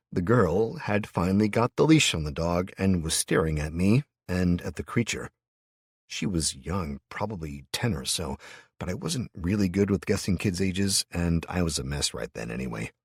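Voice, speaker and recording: A man narrating a first-person audiobook with a gruff, muttering delivery. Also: sits low, no echo, clean studio sound.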